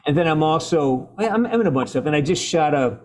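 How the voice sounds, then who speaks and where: A man who works as an actor, talking in a casual interview in a rambling, halting way with frequent laughter. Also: a little high, animated. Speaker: actor guest.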